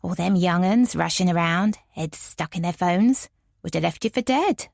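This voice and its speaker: A woman voicing a brisk, motherly woman, bossy but comforting. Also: fairly low pitch, gravelly, a little mellow, no echo, studio quality.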